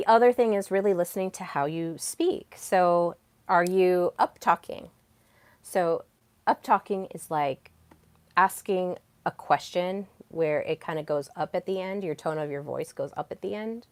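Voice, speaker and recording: A woman's voice: lowish voice, no echo. A young woman hosting a solo self-help podcast, talking in an earnest coaching tone with plenty of fillers. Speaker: podcast host.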